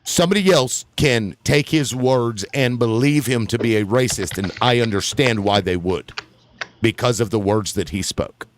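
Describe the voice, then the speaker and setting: A man moderating a live stream panel, calmly trying to keep the speakers in order. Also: mid-range voice, normal speed, slight background noise.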